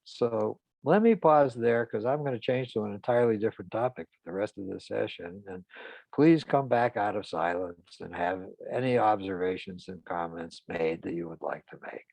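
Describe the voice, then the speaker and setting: Older male therapist, gravel in the voice, halting storyteller, dry close sound. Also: on the low side, dry recording. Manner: halting, with frequent restarts and soft laughs. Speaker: psychotherapist. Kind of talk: reflective storytelling in a group session.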